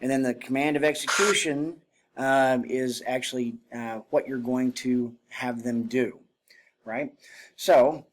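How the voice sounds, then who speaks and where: A man teaching military drill in an even, middle-pitched voice. He explains step by step in a plain, instructive way. When he demonstrates, he switches to loud, clipped drill commands. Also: a little slow. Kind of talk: spoken lesson on military drill.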